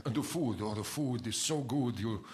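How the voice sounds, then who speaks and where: A woman voicing a sultry male Italian charmer, murmuring seductively in a deep breathy voice. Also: racing. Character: sultry smooth-talking Italian tourism pitchman. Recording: noisy live radio recording.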